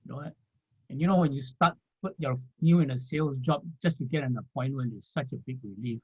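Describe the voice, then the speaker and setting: A man, a former financial planner, telling his story in an interview in a rambling way, filling pauses with "you know" and small laughs. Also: medium pitch, a little mellow, breathy edge. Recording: dull lo-fi audio.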